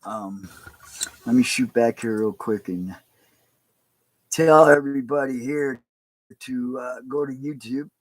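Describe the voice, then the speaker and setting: A man who is a pastor, talking in a casual, rambling and halting way on a livestream. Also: mid-range voice, no echo.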